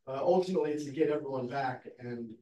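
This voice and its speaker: A man's voice: mid-range voice, quick pace, mellow, highs cut off. A man taking part in a study class discussion, challenging the teacher's reading with a view of his own. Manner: challenging, argues a counter view. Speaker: class participant. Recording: roomy, distant mic, faint noise.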